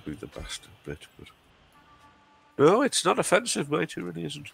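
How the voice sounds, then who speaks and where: A man's voice: on the high side, wildly swooping pitch, moderate pace, vocal fry, a bit bright, husky, faint music behind. A man from the of England with a runny nose, chatting casually and teasing his co-host on a game stream. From Hartlepool, England. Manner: dry, teasing banter. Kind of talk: casual chat.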